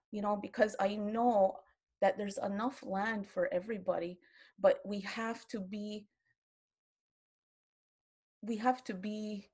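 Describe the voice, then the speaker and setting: A woman in her fifties from Quebec speaks on an online panel over a video call. She sits at an average pitch for a woman. She talks earnestly and passionately and often stops to restart a sentence. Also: steady tone, takes it slowly, long pauses, a little mellow, breathy edge. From Quebec, Canada. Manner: earnest, impassioned, with frequent restarts. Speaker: round-table panelist. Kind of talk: online round-table talk.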